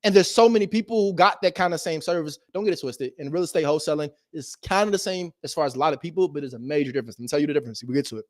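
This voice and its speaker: A man giving a casual motivational talk as a host, animated and slangy, swinging between loud emphasis and low asides. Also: very fast, few pauses, no room sound, studio quality. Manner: slangy and direct, addresses viewers as bro. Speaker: real estate investor and video host.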